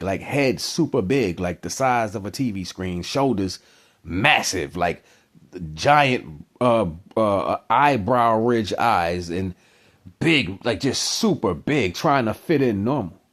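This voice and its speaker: A man hosting his own channel, telling a personal story in a casual, animated, slangy way that keeps circling back on itself. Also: lowish voice. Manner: animated, slangy, repeats himself. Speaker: channel host.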